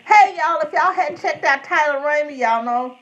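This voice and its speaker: A woman's voice: sits high, moderate pace, fairly bright tone, muffled recording. A middle-aged woman, hosting a rambling live-stream chat and greeting viewers by name. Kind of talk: casual chat.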